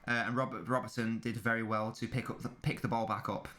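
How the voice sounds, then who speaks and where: A man's voice: medium pitch, level tone, quick pace, fairly bright tone. A young man streaming a live football watchalong, chatting casually with his viewers and swearing freely. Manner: casual banter with chat, swearing. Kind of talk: live match watchalong commentary.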